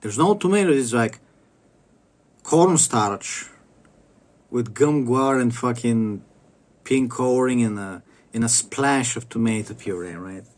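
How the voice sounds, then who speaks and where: A vlogger rants to camera in a profane, rambling, stop-start monologue, swearing constantly. His medium-pitched voice is animated yet unhurried, broken by long pauses.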